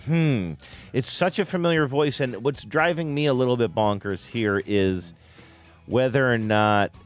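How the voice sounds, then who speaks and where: A man co-hosting a talk show, chatting casually in a playful, animated way and laughing often. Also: mid-range voice, a little slow, faint music behind. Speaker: co-host. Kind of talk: casual chat.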